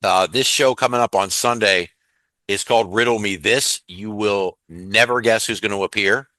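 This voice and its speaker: On a wrestling podcast, a Southern US host runs through show news in an upbeat, chatty manner and laughs frequently. His voice is lowish, bright, and forceful, at a normal speed, with no room sound.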